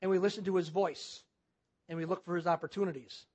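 A man's voice: sits high, fairly even intonation, a little fast, darkish tone. A man preaching a sermon as pastor, using repetition and rhetorical questions.

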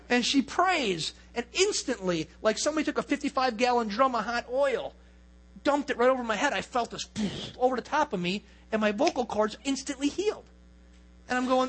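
A man pastor giving a conversational sermon in a church, telling stories with many asides; his voice is weak and fades in the low range. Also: expressive, normal speed, a bit bright.

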